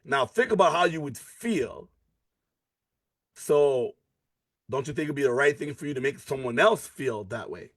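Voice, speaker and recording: A man's voice: unhurried, pauses often, dry recording. A man giving a live online sales presentation for a network marketing business, pushing hard and repeating his key lines. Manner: energetic, pushy sales pitch with repeated phrases. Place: at a computer, sharing his screen in a live video call.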